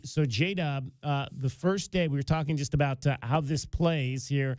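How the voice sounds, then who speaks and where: Sports radio guy, kinda high voice, dry studio sound, lots of uh and restarts. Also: unhurried, darkish tone, no echo. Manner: conversational, with frequent fillers and restarts.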